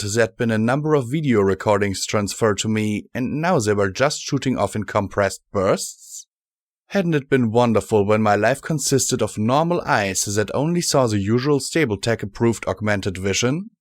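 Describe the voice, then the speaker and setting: Low-voiced male audiobook narrator. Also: lively intonation, moderate pace, dry recording. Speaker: audiobook reader. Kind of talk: fan-fiction audiobook narration.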